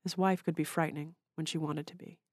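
A woman author reading her own short story aloud in a measured, literary way. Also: low-pitched, steady tone, darkish tone, dry recording, studio quality.

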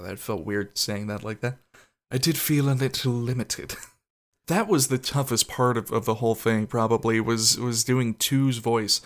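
A man hosting a casual solo podcast, rambling and swearing, with frequent self-conscious laughs. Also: mid-range voice. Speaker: podcast host.

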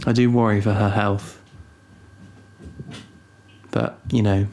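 A young man co-hosting a casual podcast, rambling and teasing with deadpan asides. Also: lowish voice, slow pace, creaky. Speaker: podcast co-host. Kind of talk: casual chat.

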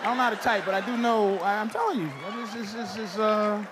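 Guy doing standup, real high voice for a man, ribbing the audience, crowd laughing, noisy live tape. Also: fairly even intonation, a little fast. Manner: loud, teasing, riffing with the audience. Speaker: stand-up comedian. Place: comedy stage before a live audience.

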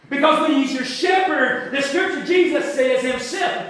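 A man preaching a sermon to his church, shouting at the peaks and drawing out his calls. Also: extremely high pitch, normal speed, hardly any pauses. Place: church sanctuary. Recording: very echoey church hall.

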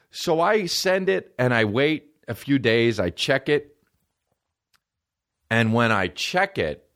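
A man in his thirties, a podcast host and comedian, telling a comic story in an excitable, profane way. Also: mid-range voice.

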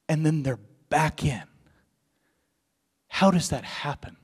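A man preaching a sermon as pastor, with passionate bursts of loud emphasis and dips into hushed, quiet lines. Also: a little high, slow, long pauses, breathy edge. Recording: long hall reverb.

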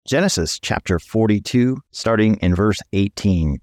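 A man hosting a podcast and reading scripture aloud, in a steady, plain-spoken way. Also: on the low side, unhurried, dry recording, clean studio sound. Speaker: podcast host and Bible reader.

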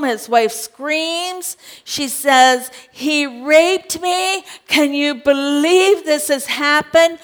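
Slow, high-voiced woman preaching. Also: fairly bright tone. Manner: dramatic storytelling, acting out scripture characters; asks the congregation direct questions. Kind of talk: sermon.

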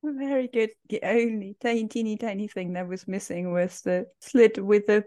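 A woman's voice: mid-range voice, fairly even intonation, moderate pace, few pauses, warm tone, dry recording. German-accented woman, hesitant and laughing. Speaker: guest. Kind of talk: casual chat.

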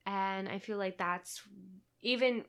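A woman's voice: medium pitch, slow pace, clean tone. A young woman co-hosting a casual chat show, rambling and self-deprecating as she talks. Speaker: podcast co-host.

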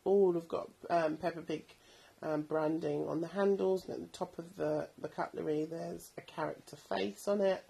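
A woman's voice: fairly low pitch, steady tone, normal speed, gravelly, mellow, husky, poor audio. A woman in her thirties hosting a podcast, chatting casually about bargain buys and rambling with plenty of ums. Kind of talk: casual product recommendations.

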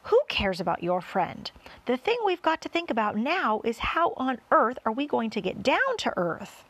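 A woman's voice: a little high, very animated, normal speed, fairly bright tone, breathy edge, pitched above the performer's own voice, exaggerated voice. A woman voicing a grumpy, gloomy earthworm in a storybook reading, snappish and impatient. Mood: irritated.

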